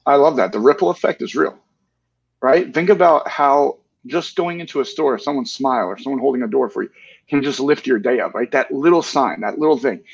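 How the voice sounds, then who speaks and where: A man's voice: medium pitch, brisk, gravelly, breathy edge, muffled recording. A man in his forties as an interview guest, speaking earnestly in candid talk and often tagging his points with "right?". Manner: earnest, tag questions with "right?".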